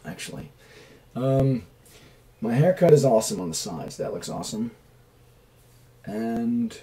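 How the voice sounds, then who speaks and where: A man's voice: medium pitch, dark tone, rough recording. A man rambles through a casual home vlog with lots of rise and fall in his voice, enthusiastic one moment and muttering to himself the next. He's recorded in a small room on a camera mic. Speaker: vlogger.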